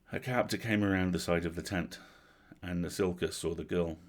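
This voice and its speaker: A man with a very low voice tells a bedtime horror story on a livestream. He reads in a steady, measured way, letting each line land before moving on. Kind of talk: reading a horror novel aloud.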